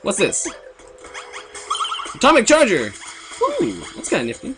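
A young man giving jokey, excitable commentary while playing a video game, with sudden outbursts. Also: very high voice, measured pace, soft background music. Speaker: let's play gamer. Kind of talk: goofy gameplay commentary.

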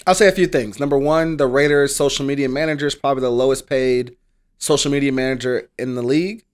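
A man's voice: mid-range voice, steady tone, quick pace, smooth. A man co-hosting a sports podcast in casual chat, making wry, dry remarks. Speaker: podcast co-host.

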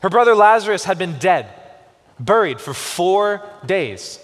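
A man preaching in a church sanctuary, his fairly high voice swinging through a wide, lively range. He slows down and lingers on key phrases for emphasis. The room gives his words a long, ringing reverb. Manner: expressive preaching with slow emphatic pauses. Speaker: pastor. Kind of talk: sermon.

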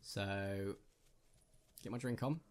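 A man's voice: lowish voice, slow, clean tone. A man hosting a gaming channel, giving casual, jokey commentary on his own gameplay and chatting with viewers.

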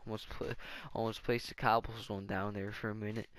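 A man's voice: lowish voice, little pitch movement, brisk, slight background noise. A man giving casual let's-play commentary, rambling and thinking aloud as he plays. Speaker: gaming channel host.

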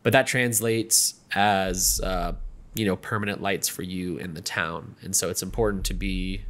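A man's voice: sits low, steady tone, measured pace, a bit bright. A young man hosting a gameplay video, chatting casually with many ums and you-knows.

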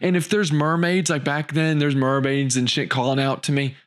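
A young man hosting a podcast, easygoing and reactive, quick to laugh and swear. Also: on the high side, little pitch movement. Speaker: podcast host. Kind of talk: casual chat.

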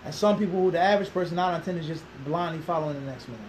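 Speaking very fast in a fairly high voice over heavy background noise, this Philadelphia man in his thirties, an Islamic teacher with a Philadelphia accent, is being interviewed. The exchange becomes a lecture full of repeated points and rhetorical questions aimed at the room.

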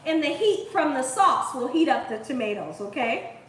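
A woman from Columbus, Ohio, hosting a home cooking show, chats and laughs with viewers as she cooks in her kitchen. Her high-pitched voice is very animated at normal speed, with slight hiss or hum, echoey room sound, and a voice far from the mic.

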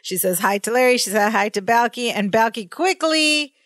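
A woman's voice: fairly high pitch, lively intonation, moderate pace, fairly bright tone, no echo. A woman co-hosting a podcast, casually retelling a sitcom scene and laughing as she quotes lines. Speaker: podcast co-host. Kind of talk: casual recap chat.

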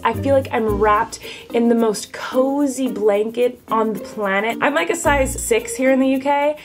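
A woman in her twenties chatting casually to camera in a vlog, bubbly and animated, with her pitch jumping up when excited. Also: a little slow, music in the background. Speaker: vlogger.

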